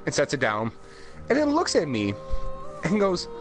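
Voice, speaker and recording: A man's voice: fairly high pitch, wildly swooping pitch, normal speed, long pauses, over music. A man co-hosting a podcast, telling a rambling story in casual chat with restarts and laughs. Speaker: podcast co-host. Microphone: home podcast mic.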